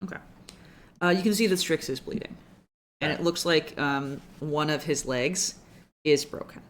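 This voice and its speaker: A game master with a middle-pitched voice narrates a tabletop game in a loose, casual way. The narration wanders and is full of fillers and restarts. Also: normal speed, fairly bright tone, slight background noise.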